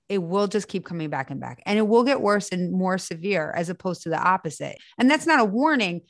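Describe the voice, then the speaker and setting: A woman's voice: mid-range voice, a bit bright, no room sound, clean studio sound. A woman coaching in an earnest, reassuring way and speaking from her own experience. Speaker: spiritual coach. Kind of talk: conversational teaching.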